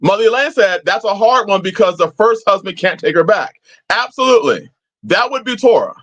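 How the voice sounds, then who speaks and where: A man's voice: high-pitched, big pitch swings, a little fast, a bit bright, dull audio. A man hosting a live-chat stream, talking casually and preachily, swearing freely as he answers viewers. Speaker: livestream host.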